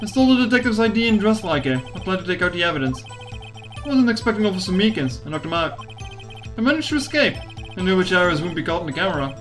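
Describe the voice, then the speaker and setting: Female streamer reading as a brooding young cop, fake cowboy drawl, lowered voice, game music faintly behind. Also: big pitch swings, quick pace.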